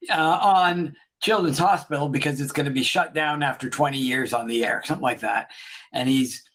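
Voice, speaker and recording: A man's voice: mid-range voice, brisk, fairly bright tone. A man co-hosting a casual chat who rambles through a comedy retelling, laughing often and acting out the lines. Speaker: podcast co-host.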